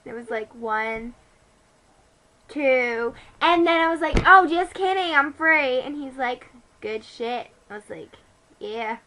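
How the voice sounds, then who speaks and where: Bratty teen gossip played by a teenage girl, high and bright, rambling and profane. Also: expressive, slow, exaggerated voice, poor audio. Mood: snarky. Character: snarky ditzy teenage girl gossiping about a date. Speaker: comedy vlogger. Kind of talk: improvised comedy monologue.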